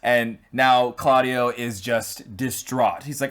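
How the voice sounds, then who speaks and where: A man's voice: mid-range voice, fairly even intonation, takes it slowly, fairly bright tone. A man co-hosting a podcast, talking in a rambling, joking way and breaking into goofy voices to act out scenes. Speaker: podcast co-host. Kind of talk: casual chat.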